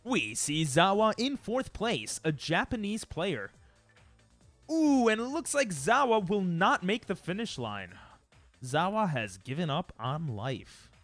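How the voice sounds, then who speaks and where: A man's voice: high voice, big pitch swings, slow pace, fairly bright tone, faint music behind, voice pushed up, full character voice. A man doing a mock sports commentator. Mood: announcing. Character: mock male sports commentator with a put-on accent.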